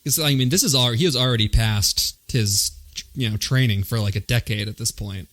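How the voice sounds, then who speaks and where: A young man co-hosting a casual podcast, easygoing and quick to laugh. His voice sits at an everyday middle pitch. He walks listeners through a film's story in relaxed, chatty asides. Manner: laid-back, recaps the plot, laughs often. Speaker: podcast co-host. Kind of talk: casual chat.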